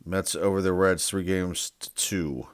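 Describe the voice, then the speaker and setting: A deep, steady voice, a little slow, belongs to a sports card collector who hosts his own channel. He calls out names individually with casual commentary and musings, occasionally uncertain of pronunciation, in a dry, clean studio recording.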